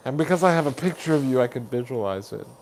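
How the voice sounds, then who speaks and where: A man hosting a live stream chat. He reads viewer comments aloud, greets people warmly by name as buddy and honey, and laughs often. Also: mid-range voice, animated, fast, slight background noise. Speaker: livestream host.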